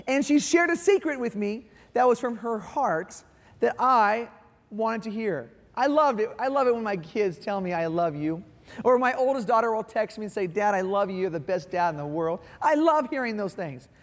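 A man in his forties preaches in a church, his voice notably high for a man and carried by a long, ringing reverb. He talks in a folksy, playful way, joking with the congregation. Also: animated, moderate pace. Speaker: guest pastor. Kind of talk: sermon. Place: church sanctuary.

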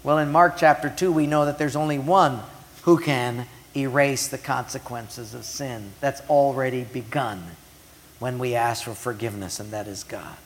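A man's voice: mid-range voice, steady tone, normal speed. Dramatic preacher man in a reverberant hall. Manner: dramatic, swings between loud emphasis and soft hushed asides. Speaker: pastor. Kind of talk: sermon. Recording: long reverb of a large hall.

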